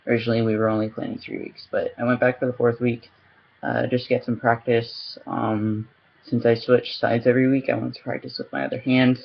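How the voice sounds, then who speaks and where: A man talking on a headset at home in a casual video diary, his voice gravelly and fairly level in tone. He rambles and hesitates, filling gaps with ums. The recording is a bit dull and lo-fi. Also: medium pitch, level tone, a little fast. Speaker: vlogger. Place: room at home. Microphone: headset microphone. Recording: slightly dull lo-fi sound.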